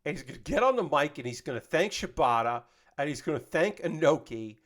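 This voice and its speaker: A man's voice: fairly high pitch, lively intonation, a little fast, a bit bright. A man in his thirties hosting a casual livestream, ranting with passion and heavy profanity, repeating and restarting his sentences. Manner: repeats himself and restarts often. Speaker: livestream host.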